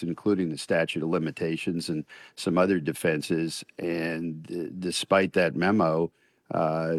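Deep-voiced older man, measured and deliberate. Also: dry recording, studio quality. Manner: measured and deliberate, frequent "uh" pauses. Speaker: retired federal judge, interview guest. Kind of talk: radio news interview.

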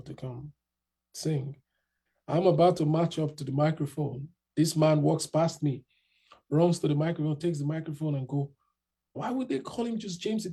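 Gravelly man telling a story. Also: fairly high pitch. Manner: animated, quotes others in raised voices. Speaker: interviewee. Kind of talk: casual storytelling.

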